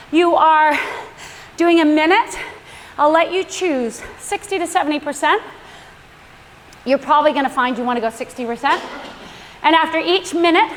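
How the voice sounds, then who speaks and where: A woman's voice: high voice, a bit bright, in a large hall, slight background noise. A woman coaching an indoor cycling class, chatty and instructive, laughing often between cues.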